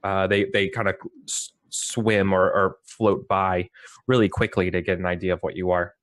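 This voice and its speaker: A man's voice: low voice, little pitch movement, moderate pace, fairly bright tone, no room sound, clean studio sound. A man narrating as game master, loose and rambling with many fillers.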